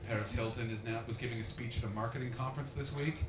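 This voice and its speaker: A young man doing stand-up as a comedian and podcast host, brash and profane, working the crowd with sudden shouted bursts. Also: medium pitch, steady tone, quick pace. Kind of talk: live stand-up crowd work. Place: live comedy venue with an audience. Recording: roomy, distant live recording with noise.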